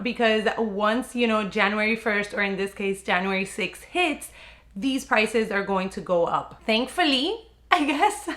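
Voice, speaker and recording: A woman's voice: medium pitch, fairly bright tone. A woman vlogger in her thirties with a stuffy nose from a cold, chatting casually to camera indoors about handbags. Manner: chatty, conversational, lots of fillers like "kind of". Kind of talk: casual vlog talk to camera. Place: indoors at home with box lights.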